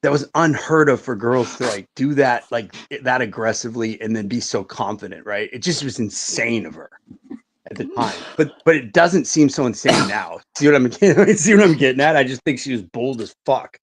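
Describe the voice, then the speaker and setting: A man's voice: mid-range voice, animated, moderate pace, breathy edge. A middle-aged man telling a story in casual podcast chat, swearing a lot and saying "like" and "right" often.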